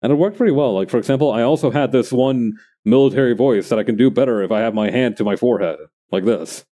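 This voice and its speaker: A man's voice: medium pitch, fast talker, mellow. A man streaming while he crafts, chatting casually and thinking aloud to his viewers in a rambling way.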